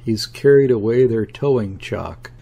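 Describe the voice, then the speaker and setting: A man voicing an awed, excitable ship's mate in an audiobook, with an odd, eager way of speaking. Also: mid-range voice, a little slow, creaky, muffled recording. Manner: eager, odd-sounding, breathless wonder.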